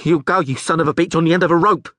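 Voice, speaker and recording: A man voicing a frightened town guard who yells threats in a trembling voice. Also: on the high side, racing, no echo, clean studio sound, pitched above the performer's own voice, close to an everyday voice. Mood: frightened, shouting. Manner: shouting, trembling.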